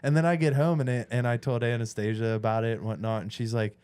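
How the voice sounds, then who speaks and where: A man's voice: mid-range voice, steady tone, quick pace, a little mellow, clear, resonant tone. A man in his thirties telling a story in casual podcast chat, swearing freely and acting out his own thoughts. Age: 30s. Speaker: podcast co-host.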